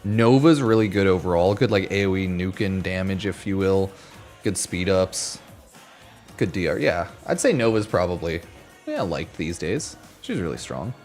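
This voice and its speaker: A man streaming a game, chatting casually in an animated, ranting way with frequent exclamations. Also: low-pitched, normal speed, faint music behind. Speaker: gaming streamer. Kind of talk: casual chat.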